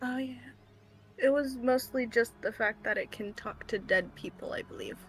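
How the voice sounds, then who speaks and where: A woman playing in a casual tabletop role-playing game, giggly and animated. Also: on the high side, normal speed. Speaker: player.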